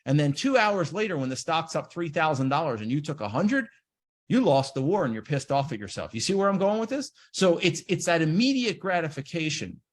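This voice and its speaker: A man giving an animated seminar talk on trading, acting out the inner voices of traders. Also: on the high side, fairly quick. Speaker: trading educator.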